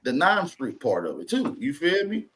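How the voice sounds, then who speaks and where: A man's voice: fairly high pitch, wildly swooping pitch, normal speed, a bit bright. A man hosting a casual panel talk, explaining at length in street slang and often asking whether his listeners follow him.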